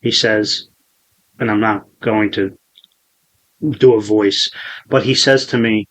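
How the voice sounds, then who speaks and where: A man's voice: fairly low pitch, fairly even intonation, takes it slowly, rough recording. Profane, rambling man in his forties. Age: 40s. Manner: profane, rambling storyteller with many restarts. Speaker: podcast host. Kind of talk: casual podcast chat.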